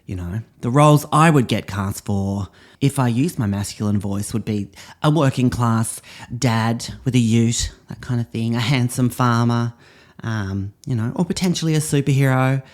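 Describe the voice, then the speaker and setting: A man's voice: medium pitch, moderate pace. A middle-aged man with an Australian accent, playing a drama teacher in a scripted comedy monologue, with a theatrical, pompous, affected delivery.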